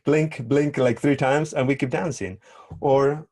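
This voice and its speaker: Guy teaching tango, chatty, does funny voices for quotes, middle pitch. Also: slow pace, slightly rough. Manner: animated, acts out quoted lines with playful voices. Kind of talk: casual advice talk.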